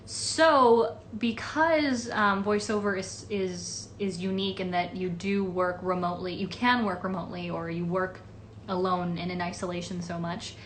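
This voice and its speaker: A woman's voice: on the low side, fairly even intonation, moderate pace, hardly any pauses, a bit bright, slight background noise. A woman voice actress answering fan questions in a casual livestream, chatty and rambling with many fillers. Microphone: phone or webcam livestream.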